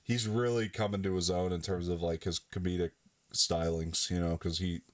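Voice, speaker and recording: A man's voice: low-pitched, flat delivery, normal speed, dry recording. A man co-hosting a podcast, chatting casually and rambling with lots of fillers and frequent laughs. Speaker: podcast co-host. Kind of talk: casual chat.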